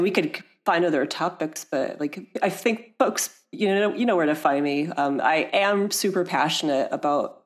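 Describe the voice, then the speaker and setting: A woman guest on a podcast who runs her own aromatherapy business. She chats casually, laughs a lot and often trails off mid-sentence. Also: fairly low pitch. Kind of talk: casual interview chat.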